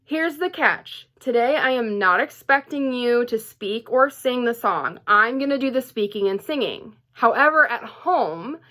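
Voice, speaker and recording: A woman's voice: a little high, animated, unhurried, few pauses, bright, forceful tone. A young woman teaching a music lesson to children at home, patient and encouraging, often checking in with "okay?". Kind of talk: remote classroom lesson for children.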